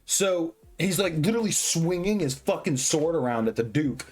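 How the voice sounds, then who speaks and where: A man's voice: a little high, lively intonation, moderate pace, darkish tone. Profane, rambling tipsy man. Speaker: host. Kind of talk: drunk movie review.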